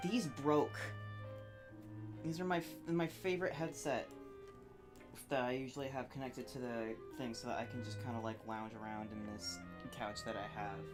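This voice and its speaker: A streamer in a relaxed live-stream chat at home, rambling with lots of fillers and reading game text aloud between asides. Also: medium pitch. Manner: rambling, chatty, frequent fillers and self-asides. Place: home, lounging on a couch.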